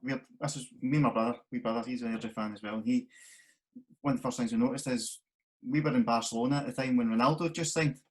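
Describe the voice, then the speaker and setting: A man's voice: medium pitch, fairly even intonation, fast talker, a little mellow. A man interviewing a guest in a casual chat, mostly giving brief agreeing replies.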